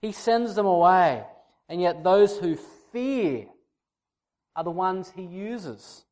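A man's voice: sits high, expressive, slow pace, a little mellow. A male pastor preaching a sermon in a conversational way, now and then teasing his congregation.

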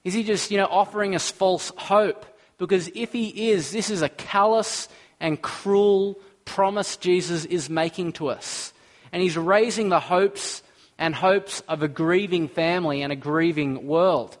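Guy preaching, earnest, asks the crowd questions, voice sits a bit high. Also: unhurried. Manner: earnest, asks the listeners questions, reads scripture aloud. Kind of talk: sermon.

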